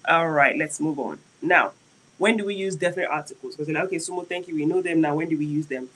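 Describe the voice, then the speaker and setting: A French teacher giving a live-streamed lesson, chatty and checking in with viewers often, slowing down to spell out French example sentences. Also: medium pitch, a bit bright, slight background noise, low-quality recording.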